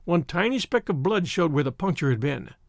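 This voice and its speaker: A man narrating an audiobook in an expressive, lively reading style, close to the mic. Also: on the high side, fairly quick, vocal fry, dry recording.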